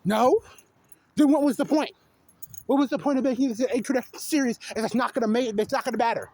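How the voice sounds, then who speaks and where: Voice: medium pitch, quick pace, darkish tone. A young adult vlogger ranting off the cuff, exasperated and incredulous, firing off repeated questions and the odd swear word. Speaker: video creator. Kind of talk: unscripted rant to camera.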